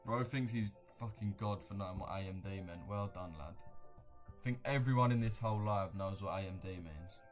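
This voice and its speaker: A man's voice: low-pitched, a little fast, soft background music. A man giving casual, slangy commentary while trading live, talking straight to his viewers. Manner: slangy, chatty, addresses viewers directly. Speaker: livestream trader.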